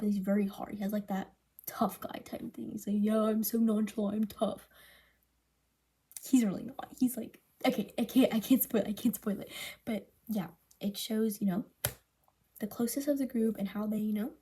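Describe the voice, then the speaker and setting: A woman's voice: fairly high pitch, warm tone, a little hiss or hum. A teenage girl giving a casual spoken book review for a school project, chatty and full of fillers. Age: teens. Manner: chatty, filler-heavy, breaks off to read passages aloud. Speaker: student presenting a book project.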